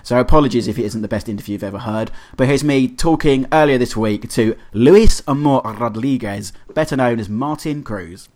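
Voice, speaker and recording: A man's voice: medium pitch, a little fast, hardly any pauses, darkish tone, poor audio. A man hosting a radio show, chatting with a guest in a playful way. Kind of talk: radio interview chat.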